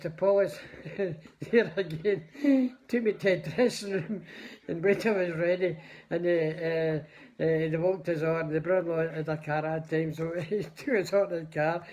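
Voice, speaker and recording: He's an older man with a Scottish accent and a high-pitched, darkish voice, speaking at normal speed. On his livestream he rambles through casual stories and says hello to viewers by name.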